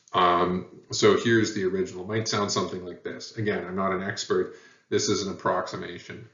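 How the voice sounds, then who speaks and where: Lecturing man, lowish voice, plenty of ums, roomy and dull distant sound. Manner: relaxed, thinking aloud with many fillers. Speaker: teacher. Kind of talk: recorded lecture. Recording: echoey room heard from far, dull sound.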